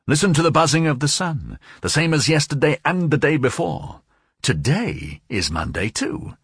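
A man reading an audiobook, voicing an obsessed, grief-stricken old man whose pitch leaps up sharply on words. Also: big pitch swings, moderate pace, fairly bright tone, breathy edge, dry recording, clean studio sound, exaggerated voice. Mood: agitated. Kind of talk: audiobook character voice.

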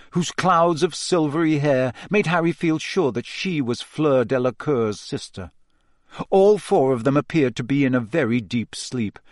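A man giving a measured, expressive scripted narration of a fantasy novel. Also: mid-range voice, no echo, clean studio sound. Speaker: audiobook narrator.

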